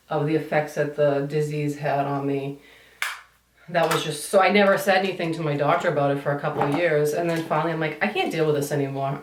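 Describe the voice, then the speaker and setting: A woman's voice: low voice, background noise. A woman chatting while doing her makeup in a get-ready-with-me vlog, rambling and complaining, swearing casually. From United States. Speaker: beauty vlogger. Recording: echoey room, somewhat far from mic.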